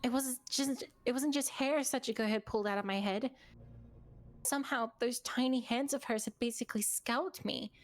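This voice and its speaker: Woman streamer reading horror game text out loud, steady and earnest, kinda high voice. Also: moderate pace. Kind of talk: reading game narration aloud.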